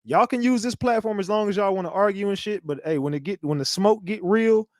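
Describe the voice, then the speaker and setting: A man's voice: sits high, brisk, dry recording, clean studio sound. A man hosting a live commentary show, talking in a rambling, profane way and repeating himself. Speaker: host.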